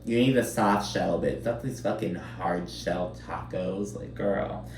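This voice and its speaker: Low-voiced and measured in pace, a man gives a casual reality show recap that's chatty and sarcastic, laced with fillers and swearing. The recording sounds roomy with echo, picked up by a slightly distant mic over faint background noise.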